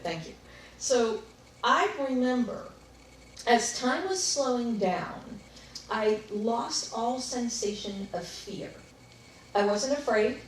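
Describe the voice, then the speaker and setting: A woman recounts a personal experience to a live audience, thoughtful and now and then laughing as she talks. Her voice rings through a very echoey room, picked up from some distance, with faint noise behind. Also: fairly high pitch. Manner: reflective, animated in parts, laughs while telling. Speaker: workshop speaker. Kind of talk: personal story in a talk to an audience.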